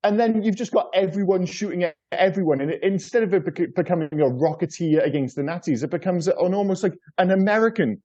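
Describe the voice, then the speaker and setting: A man's voice: high-pitched, fairly quick, few pauses, warm tone, muffled recording. A man co-hosting a casual film review podcast, rambling and repeating words as he talks, with casual swearing. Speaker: podcast co-host.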